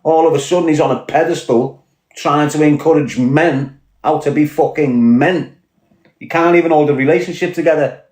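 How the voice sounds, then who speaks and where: A Scouse-accented podcast guest delivers a blunt, profane rant at a moderate pace. His voice is fairly high with a darkish tone, and the recording has an echoey room sound.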